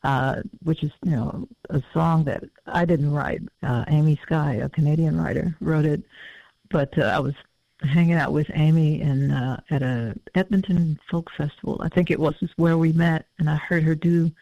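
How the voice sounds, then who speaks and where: A man in his fifties, a musician talking as a guest in a casual interview, reflective and halting with many fillers. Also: on the high side, fairly even intonation, vocal fry, no room sound. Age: 50s. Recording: dull lo-fi audio.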